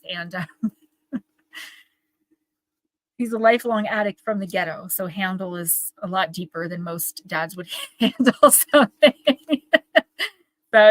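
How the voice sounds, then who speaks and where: A woman's voice: mid-range voice, a bit bright, no echo, rough recording. A young woman hosting a live oracle card reading, talking in a rambling, earnest, emotional way. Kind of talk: live-stream card reading, casual chat. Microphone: live-stream microphone.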